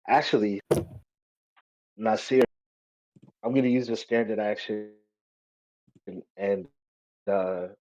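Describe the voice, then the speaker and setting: A man's voice: lowish voice, dry recording, rough recording. A man playing a tabletop game, casual and profane, laughing often. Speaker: player. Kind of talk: tabletop game banter and in-character narration.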